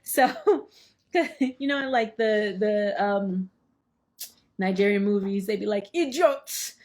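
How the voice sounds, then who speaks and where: Slow-reading woman hosting a study session. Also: medium pitch, level tone, darkish tone. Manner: playful, laughs at herself, stops to explain in her own words. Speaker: study group host. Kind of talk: reading a book aloud with commentary.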